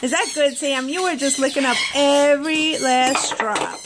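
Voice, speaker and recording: A woman's voice: high-pitched, steady tone, a little slow, very noisy. A woman vlogging with her pets in casual chat, talking into a hand-held phone and cooing baby talk at her birds. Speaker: pet vlogger. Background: birds chirping and squawking.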